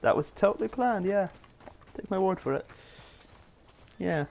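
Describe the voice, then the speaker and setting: A man's voice: high voice, expressive, a little slow, vocal fry, darkish tone. A man streaming a video game, making sarcastic jokes and mumbling to himself as he plays. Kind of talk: live gameplay commentary.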